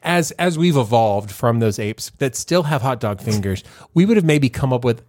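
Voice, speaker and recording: With lively intonation at a moderate pace, a man of medium pitch and darkish tone co-hosts a casual podcast. He rambles through stories, laughing frequently and restarting often, recorded in studio quality with no room sound.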